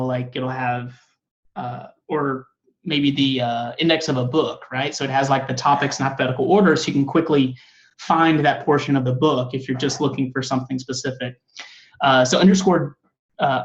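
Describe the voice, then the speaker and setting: A man's voice: a little high, muffled recording. A male coding instructor giving a classroom lecture, rambling with many filler words.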